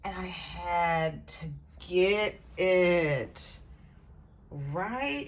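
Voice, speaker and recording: A middle-aged woman vlogging casually, playful and animated, chatting to her pet and her viewers. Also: fairly low pitch, unhurried. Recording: faint background noise.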